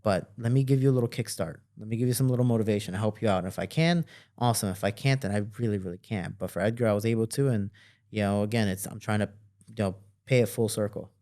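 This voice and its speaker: A young man, a fighter and podcast guest, telling a story in a casual, animated way and acting out the voices in his quotes. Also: on the low side, quick pace.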